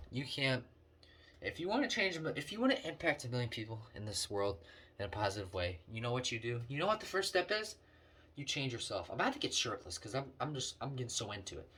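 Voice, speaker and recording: An earnest young man vlogging straight to camera, preaching life advice in a rambling, heartfelt way. His voice is bright and forceful, and he talks casually, with restarts and asides. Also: mid-range voice, low-quality recording. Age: young adult. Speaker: motivational vlogger. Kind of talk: casual motivational talk to camera.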